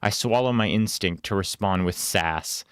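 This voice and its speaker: A man reading a storybook aloud in a plain, unhurried way with small casual asides. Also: sits low, clean tone, dry recording, studio quality.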